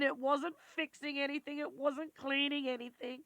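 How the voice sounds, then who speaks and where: A woman's voice: high-pitched, level tone, moderate pace, a bit bright, dry recording. A woman talking in a raw, emotional confessional vlog and swearing freely. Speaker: vlogger.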